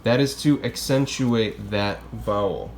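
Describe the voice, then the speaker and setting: A man's voice: on the low side, takes it slowly, slight background noise. A man who teaches Spanish, explaining grammar in a casual, chatty classroom style and often checking in with "okay?" and "right?".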